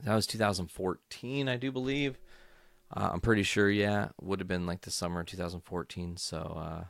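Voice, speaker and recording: A man's voice: deep voice, fairly even intonation, normal speed, gravelly, a bit bright, dry recording, clean studio sound. A young adult man hosting a podcast, telling a personal story with angry, profane, emphatic outbursts. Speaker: podcast host.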